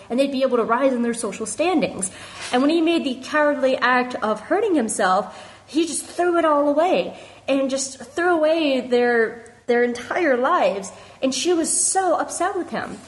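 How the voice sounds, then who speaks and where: A woman's voice: a little high, poor audio. A young woman leaving a heated, earnest voice message for a podcast, emotional and near tears, with many restarts. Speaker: fan caller sending a voice message to a podcast. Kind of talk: casual impassioned opinion.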